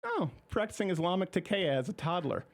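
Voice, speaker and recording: A man's voice: sits high, fast talker. A man hosting a political talk show, giving opinionated commentary in a sarcastic, mocking way. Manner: sarcastic, mocking, animated delivery.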